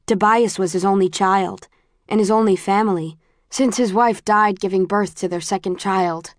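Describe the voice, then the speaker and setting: A woman's voice: mid-range voice, fairly even intonation, normal speed, no room sound, clean studio sound, close to an everyday voice. A woman voicing a stern, principled middle-aged father in a firm, clipped and disapproving manner.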